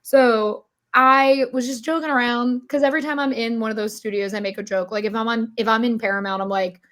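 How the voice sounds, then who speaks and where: A woman's voice: on the high side, steady tone, a little fast, fairly bright tone. A woman hosting a podcast, telling stories in a wry, casual way. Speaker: podcast host.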